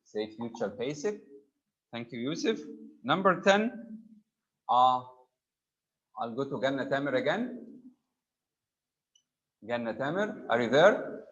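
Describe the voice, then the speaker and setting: A man's voice: mid-range voice, very animated, takes it slowly, long pauses. Man, grammar teacher, patient questioning, muffled video-call audio. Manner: patient, prompting students by name. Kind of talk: online grammar class.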